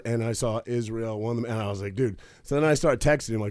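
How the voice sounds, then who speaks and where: A man co-hosting a casual podcast, full of teasing jokes and quick laughter. His voice sits at an ordinary middle pitch and sounds close and dry, with no room around it. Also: darkish tone, dry recording. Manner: teasing, joking, laughs often. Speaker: podcast co-host.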